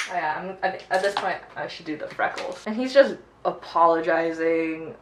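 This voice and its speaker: A woman's voice: fairly low pitch, normal speed, few pauses, roomy sound, a little hiss or hum. A young woman chatting casually while doing her makeup, telling a story with plenty of swearing. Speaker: beauty vlogger. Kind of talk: casual get-ready-with-me chat.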